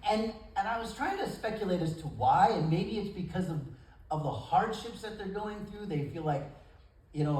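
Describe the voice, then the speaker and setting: A man preaching a sermon as pastor, folksy and animated, acting out the quotes he tells. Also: high-pitched, moderate pace. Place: church service in a gym. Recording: echoey room from far off.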